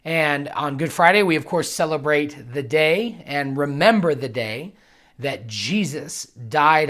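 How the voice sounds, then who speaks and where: A man's voice: fairly high pitch, fairly bright tone. Earnest man giving devotional teaching. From United States. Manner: earnest and reflective, builds to emphatic bursts.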